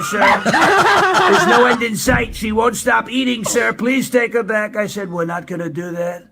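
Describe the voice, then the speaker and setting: A man's voice: high-pitched, noisy background. A man playing a boastful older male president, rambling from one brag to the next in a comedy impression clip. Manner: rambling bragging monologue, drawn-out superlatives.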